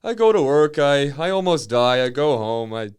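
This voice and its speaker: A folksy trucker from the frozen north, chirpy and singsong, his voice bouncing high and bright with every "oh, yeah", as a man puts him on for laughs. He sounds hardy and cheerful. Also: very animated, extremely slow, clear, resonant tone, full character voice. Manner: singsong exaggerated northern drawl, repeating "oh, yeah".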